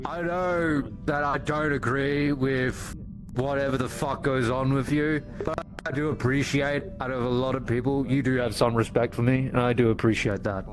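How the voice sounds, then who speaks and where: A man's voice: medium pitch, fairly even intonation, normal speed, poor audio. Laid-back man with music behind. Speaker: player in a tabletop game. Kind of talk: casual chat around the table.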